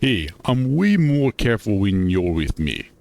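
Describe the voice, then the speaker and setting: A man's voice: on the low side, sing-song, unhurried, vocal fry, darkish tone, no room sound, full character voice. A man voicing a playful, reckless young male furry character while reading a visual novel aloud, in an eager, slightly raised voice. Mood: cheeky.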